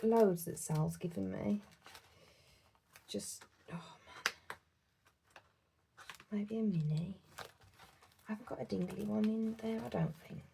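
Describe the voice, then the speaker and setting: A woman's voice: medium pitch, fairly even intonation, moderate pace, gravelly, dark tone, slight background noise. A woman with a British accent chatting casually as a budgeting vlogger, giggling often and counting numbers aloud to herself. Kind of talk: casual chat while cash stuffing.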